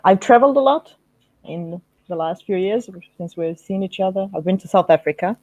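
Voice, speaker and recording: A woman's voice: mid-range voice, lively intonation, normal speed, dark tone, no echo. Slavic woman guest, dull lo-fi call audio, dry, laughs easily. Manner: laughs often, plainspoken. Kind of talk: casual video chat.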